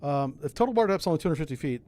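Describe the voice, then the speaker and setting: A man's voice: a little high, lively intonation, very fast, warm tone. A man giving casual commentary as he plays a submarine game, talking himself through each step in a folksy way with asides. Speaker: streamer playing a submarine game.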